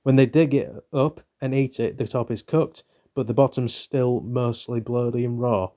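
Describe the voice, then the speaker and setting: A young northern British channel host reads a book aloud in a medium-pitched, steady, mellow voice at a moderate pace. He breaks off for rambling, irreverent asides with swearing.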